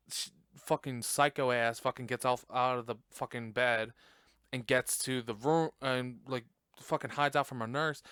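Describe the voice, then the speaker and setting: A young man hosts a casual podcast and retells a movie's plot in a loose, profane, laughing way. His voice is smooth and clear, and it sounds close and dry, with no room echo. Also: mid-range voice, a bit bright. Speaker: podcast host.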